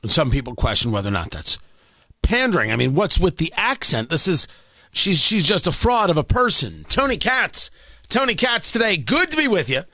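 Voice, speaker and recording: A man's voice: on the high side, big pitch swings, normal speed, pushed and bright, dry recording. A man hosting a talk radio show, delivering an opinionated, sarcastic and combative monologue into a studio microphone.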